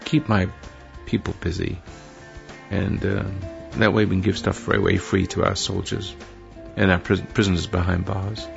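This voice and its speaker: A man's voice: sits low, little pitch movement, moderate pace, music in the background. An older man hosting a call-in radio show, counseling a caller in a rambling, preachy way and correcting himself as he goes. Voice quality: gravelly, husky. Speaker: radio talk show host. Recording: dull lo-fi radio broadcast.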